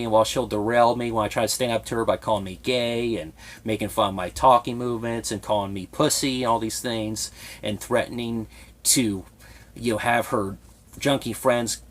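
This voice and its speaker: A man's voice: mid-range voice, fairly bright tone. A young man telling a personal story in a confessional vlog, hesitant and emotionally raw, often restarting his sentences. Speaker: vlogger.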